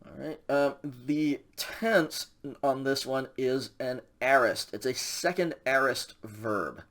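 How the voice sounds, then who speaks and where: A man's voice: medium pitch, slow pace, fairly bright tone. Patient man explaining grammar step by step. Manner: patient, explanatory, with frequent ums and okays. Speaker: Greek instructor. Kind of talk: recorded lecture.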